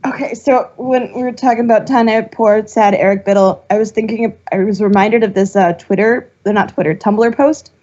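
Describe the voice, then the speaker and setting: A woman co-hosting a fan podcast, talking casually in an excitable, rambling way with lots of laughter. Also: mid-range voice, a little fast, hardly any pauses. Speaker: podcast co-host. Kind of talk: casual chat. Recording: dull lo-fi podcast audio.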